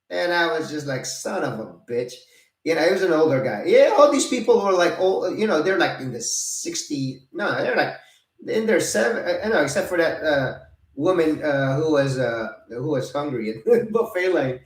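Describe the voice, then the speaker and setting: A retired man in his fifties telling a casual, animated story, laughing, cursing and acting out both sides of an argument. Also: fairly high pitch, normal speed. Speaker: retired vlogger. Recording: roomy, mic set at a distance.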